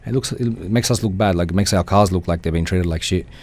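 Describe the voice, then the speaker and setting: A man's voice: low voice, darkish tone. A man with an Australian accent chatting casually as a radio interview guest, telling rambling stories and acting out the people in them. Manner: fast, rambling storyteller who acts out quoted people. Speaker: guest, car rental business owner. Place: radio studio.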